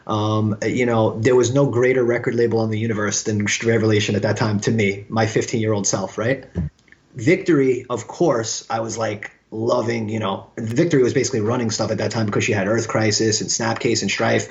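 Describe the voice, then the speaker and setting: A Brooklyn-born musician, guesting on a casual interview, tells stories in a lowish, brisk voice and animatedly acts out the voices of the people he quotes. The audio has a slightly dull, lo-fi quality.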